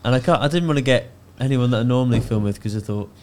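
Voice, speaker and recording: A man's voice: mid-range voice, racing, a little mellow. Dry, hesitant male comedian. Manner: dry, hesitant, filler-heavy. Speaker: podcast guest, comedian. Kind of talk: casual comedy chat.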